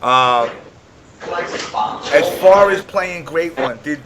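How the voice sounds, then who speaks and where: A man hosting a live show and moderating an argument, calm and halting with many fillers. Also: a little high, background noise. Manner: calm, halting, full of fillers, steering the talk. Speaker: host and moderator.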